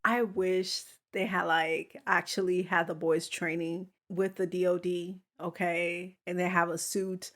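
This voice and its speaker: A woman's voice: on the low side, flat delivery, unhurried, few pauses, a bit bright, slight background noise. A woman hosting a reaction video, talking bluntly and with exasperation, scolding the characters, gasping and laughing as she watches. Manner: gasps and laughs freely. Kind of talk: casual reaction commentary.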